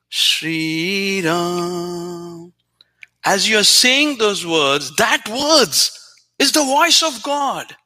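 A man's voice: sits high, bright, forceful tone. A man giving an earnest, repetitive spiritual talk to listeners. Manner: earnest, repetitive, emphatic teaching. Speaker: spiritual teacher.

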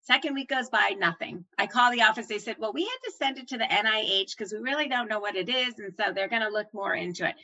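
Bright-voiced woman telling a story. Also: mid-range voice, quick pace, few pauses, muffled recording. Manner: animated, acts out the voices of doctors and herself. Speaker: former nurse manager telling her story. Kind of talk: personal storytelling.

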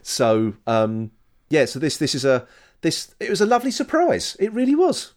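A podcast co-host chats casually and rambles, often restarting his sentences and cracking jokes. His voice is fairly high and swoops wildly in pitch, at a normal speed.

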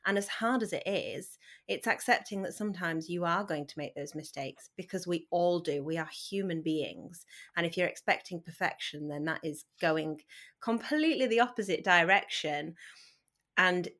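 A woman in her thirties, talking candidly and earnestly as a podcast guest, with sudden lively bursts. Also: on the low side, moderate pace. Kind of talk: candid conversational talk.

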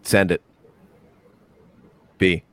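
A man's voice: drawn-out words, no echo. A man competing on a trivia quiz, answering confidently and trading jokes with his teammate. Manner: joking, confident banter. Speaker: quiz contestant. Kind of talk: casual chat.

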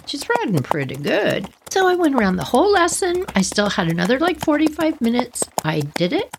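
Animated woman telling a personal story. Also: high voice, fairly quick, background noise. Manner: lively, laughing, addresses listeners directly. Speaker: podcast storyteller.

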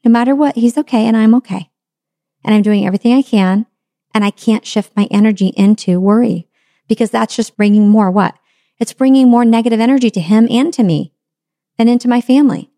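A woman's voice: a little high, fairly quick, mellow, no room sound, clean studio sound. A middle-aged woman giving an earnest self-help talk on letting go, with repeated phrases and rhetorical questions. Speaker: motivational speaker.

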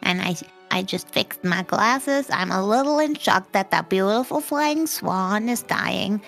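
A woman talks slowly and playfully as a player at a tabletop game. Her voice is gravelly and bright. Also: mid-range voice, lively intonation, faint music behind.

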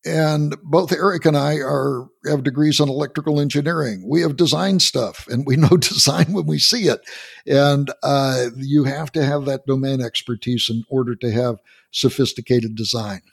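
Man, podcast host, gravelly tone, slightly husky, halting speech, repeats words. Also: mid-range voice, steady tone. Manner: storytelling, earnest explaining. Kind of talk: explaining in a podcast interview.

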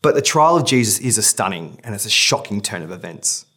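A pastor reading scripture dramatically in a sermon, then talking to the congregation in a conversational way. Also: male voice, on the low side, sing-song, a little fast, bright, forceful tone, breathy edge.

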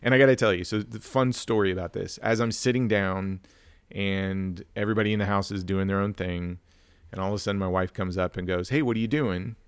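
A man's voice: deep voice, little pitch movement, fairly quick, clear, resonant tone, dry recording. A man co-hosting a casual film review chat, telling stories and acting out family dialogue. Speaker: podcast co-host.

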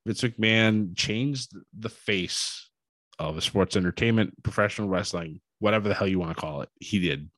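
A man with a low voice recaps a wrestling show in a loose, animated way, slipping into quick impressions as he tells it. The sound is dry and close, with no room around it. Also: no room sound. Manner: animated storytelling, acts out quotes. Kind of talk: casual recap commentary.

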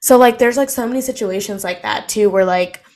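A woman's voice: mid-range voice, a little fast, a little mellow. A young woman from the United States co-hosting a podcast, chatting casually with lots of filler words. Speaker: podcast co-host. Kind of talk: casual chat.

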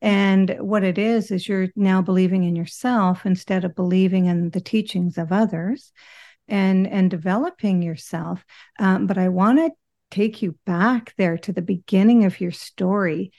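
A woman's voice: medium pitch, fairly even intonation, normal speed, darkish tone, highs cut off. A woman hosting an interview podcast, affirming her guest and framing her questions with thoughtful reflections. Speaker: podcast host.

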